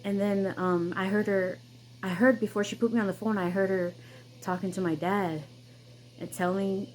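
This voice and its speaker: A woman's voice: medium pitch, steady tone, moderate pace, darkish tone, low-quality recording. A woman hosting her own channel, telling a personal story in an emphatic, insistent way, with many repeats and restarts. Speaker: vlogger, channel host.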